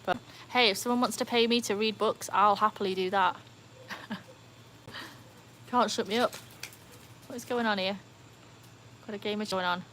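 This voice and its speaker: A woman hosting a casual livestream by her pool, chatting excitedly and answering viewer comments. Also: medium pitch, normal speed, long pauses, slight background noise. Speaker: livestream host. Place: outdoors by a backyard pool. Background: faint outdoor ambience, dogs.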